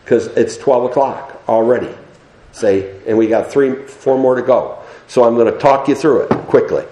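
American preacher swinging loud and soft. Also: male voice, roomy sound, low-quality recording. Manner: swings from low murmurs to high shouted emphasis. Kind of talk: sermon.

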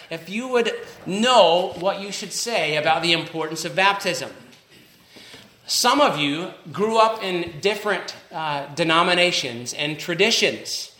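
A man preaching a sermon as pastor, measured and emphatic, slowing down on key phrases. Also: fairly high pitch, sharp tone, echoey room, rough recording.

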